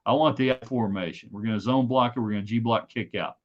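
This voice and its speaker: A middle-aged man hosting a casual live-stream chat from his home office, talking in an animated, emphatic and rambling way. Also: medium pitch, fast, muffled recording. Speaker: host.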